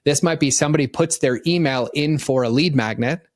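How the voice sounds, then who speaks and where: A middle-aged man on a podcast, explaining marketing ideas in an animated, conversational way and slipping into quick voices for the customers in his stories. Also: fairly high pitch, no echo, clean studio sound. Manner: animated storyteller acting out customers in quoted voices. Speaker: podcast guest, marketing consultant.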